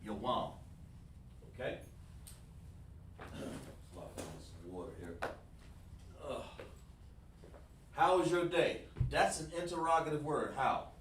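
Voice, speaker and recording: A man teaching a livestreamed language lesson, explaining slowly and repeating himself while talking to the chat. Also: a little high, sing-song. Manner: slow, repetitive explaining, addresses the chat. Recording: roomy, mic at a distance, faint noise.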